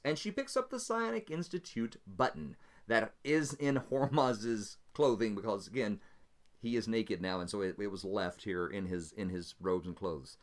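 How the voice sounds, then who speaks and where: A man's voice: on the low side, moderate pace. A man hosting and narrating his solo tabletop role-playing game in a chatty, casual way that breaks into easy laughter. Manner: chatty, animated, laughs easily.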